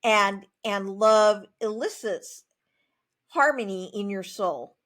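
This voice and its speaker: A woman author speaking as a guest in a conversational interview, emphatic and plain-spoken, with animated asides. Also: mid-range voice, takes it slowly.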